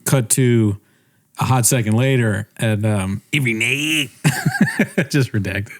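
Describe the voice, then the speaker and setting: A young man spins a loose, rambling tale on a casual podcast, his voice sitting at an ordinary middle pitch. He keeps cutting himself off and restarting, laughing along the way as he talks. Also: huge pitch swings, slow. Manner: rambling, self-interrupting, laughs often. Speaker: podcast co-host. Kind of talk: casual storytelling chat.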